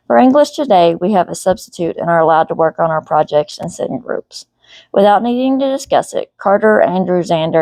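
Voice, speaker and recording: Reading her own novel aloud, a woman author delivers steady, even first-person narration in a low voice. The recording is dry and close, with no room sound.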